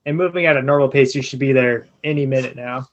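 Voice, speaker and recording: A man's voice: medium pitch, fast, muffled recording. A man narrating as game master of a tabletop game, laid-back and chuckling, with many filler words. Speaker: tavern master.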